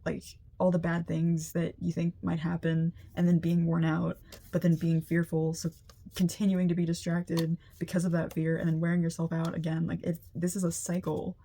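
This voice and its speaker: A woman's voice: fairly low pitch, completely flat delivery, normal speed, gravelly, warm tone. A young woman giving a casual, empathetic energy reading, chatty and full of "like" fillers. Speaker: energy reader. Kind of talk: casual spiritual reading to camera.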